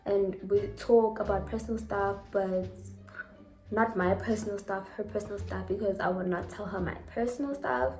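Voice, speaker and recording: A young woman vlogger telling a story in a casual, dramatic and animated way, repeating words for emphasis. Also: medium pitch, normal speed, faint music behind. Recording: echoey room.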